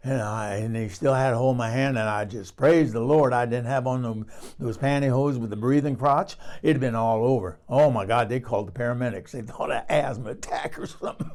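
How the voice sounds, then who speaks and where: A man's voice: mid-range voice, darkish tone, lightly acted. A man playing a bawdy older Southern woman who tells a comic story with swooning exclamations and asides. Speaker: comedic character storyteller. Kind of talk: comic monologue in character.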